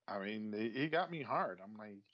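A man's voice: lowish voice, expressive, normal speed, no echo, lo-fi sound. A man in casual chat about a movie he watched, often repeating words and restarting his sentences. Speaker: movie discussion co-host.

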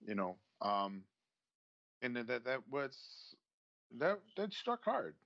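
A man's voice: medium pitch, big pitch swings, slow pace, no echo, dull audio. A man in casual chat about a movie he watched, often repeating words and restarting his sentences. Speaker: movie discussion co-host.

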